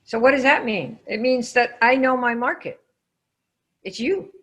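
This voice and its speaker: An energetic woman leads a live online coaching class. She quizzes her listeners and calls on them by name, keeping the pace brisk and engaging. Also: on the high side. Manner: lively, quizzing the audience. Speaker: sales trainer.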